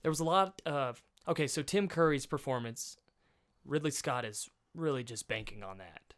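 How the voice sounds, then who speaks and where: A man's voice: mid-range voice, moderate pace, fairly bright tone, smooth. A man hosting a podcast in casual chat, rambling and joking, swearing and laughing often. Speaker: podcast host.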